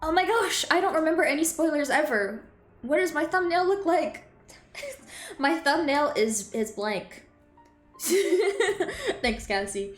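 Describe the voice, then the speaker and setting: A woman streams a game, chatting and laughing with her viewers. Her voice runs fairly high. The room is echoey, with faint music in the background. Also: lively intonation, a little slow. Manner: chatty, laughing, reacting to chat. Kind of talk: live gameplay commentary.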